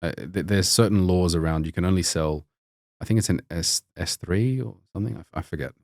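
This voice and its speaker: A man's voice: low voice, fairly quick, vocal fry, darkish tone, dry recording, clean studio sound. A man from Lebanon, a podcast guest, talking casually and rambling with lots of fillers and restarts. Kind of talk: casual conversation.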